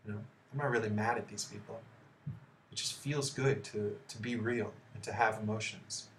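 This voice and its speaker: A man's voice: fairly low pitch, steady tone, moderate pace, a little hiss or hum. A man hosting his own channel, delivering heated, profane commentary on news articles with blunt asides. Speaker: video host. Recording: echoey room.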